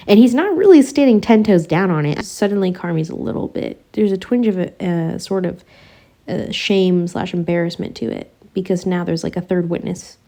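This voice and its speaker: Her voice sits fairly low and sounds dark as she, a young woman on YouTube, casually dissects a TV show for viewers. She's talkative and slangy, and she keeps rambling into tangents.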